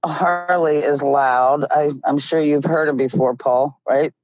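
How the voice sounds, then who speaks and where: A middle-aged woman tells her story slowly in a low voice, laughing now and then. The sound is dull and lo-fi, close and dry with no room around it. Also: no room sound. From Ohio. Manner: slow, animated storyteller who laughs often. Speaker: guest. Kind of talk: casual storytelling. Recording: dull lo-fi audio.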